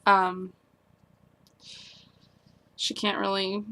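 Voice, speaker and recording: A young adult woman talking through her worries in a personal vlog, rambling and anxious, often trailing off into quiet. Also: medium pitch, completely flat delivery, extremely slow. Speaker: vlogger.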